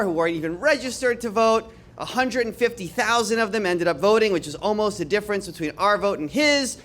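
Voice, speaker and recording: Man, high voice, chatty guest speaker, laughs at his own stories. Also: fairly bright tone. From New York. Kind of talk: storytelling talk to an audience.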